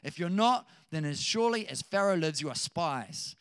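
Stern powerful man, read by a preacher, accusing, emphatic, high voice, dry sound. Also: animated, normal speed, a bit bright, smooth, no echo.

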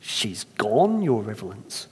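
A man's voice: fairly low pitch, big pitch swings, slow, husky, voice pushed down, exaggerated voice. A pastor playing a hapless, grumbling first man in a put-on Irish accent, bellowing demands and then turning meek, in an echoey hall.

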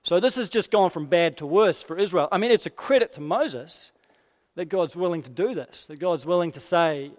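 A man preaching a sermon expressively, dropping quiet and low for quoted lines. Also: animated, normal speed. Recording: long hall reverb.

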